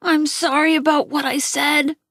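A woman voicing a gentle, anxious young boy who speaks in a soft, pleading hush. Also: high-pitched, measured pace, no room sound, clean studio sound, pitched above the performer's own voice.

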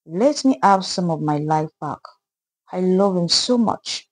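A woman's voice: on the low side, animated, measured pace, husky, no echo. A woman voicing a heartbroken young woman who begs through tears. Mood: pleading. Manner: pleading.

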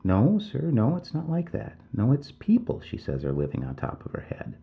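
A man's voice: mid-range voice, wildly swooping pitch, normal speed, vocal fry, voice pushed up. A man voicing a worried, tearful middle-aged village mother who pleads deferentially and keeps calling him sir. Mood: worried pleading. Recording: tinny phone-like audio.

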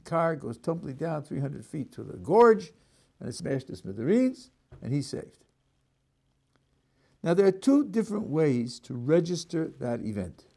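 Unhurried and creaky, this older man is a rabbi giving a Torah lecture sprinkled with Hebrew religious terms. He animates his examples by acting out the speakers' voices, his pitch rising and falling.

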